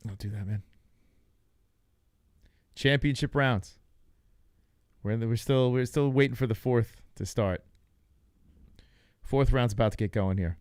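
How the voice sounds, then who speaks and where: A man's voice: medium pitch, a little slow, long pauses, a little mellow, clean tone, no echo, clean studio sound. A young man hosting a live stream, reacting to results in loose, joking chatter and talking to his chat. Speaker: livestream host. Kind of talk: casual live reaction commentary.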